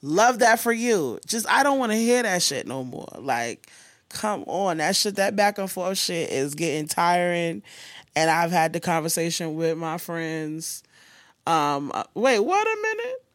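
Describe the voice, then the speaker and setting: A woman hosting a podcast, venting in casual chat with blunt, profane and animated talk. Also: on the low side, measured pace, no echo, clean studio sound. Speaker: podcast host.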